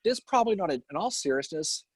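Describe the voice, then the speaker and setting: A man's voice: high voice, animated, quick pace, a little mellow, breathy edge, no echo. A middle-aged man from the Boston area with a Boston accent, co-hosting a casual live stream, rambling through old memories, swearing freely and laughing often. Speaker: podcast co-host.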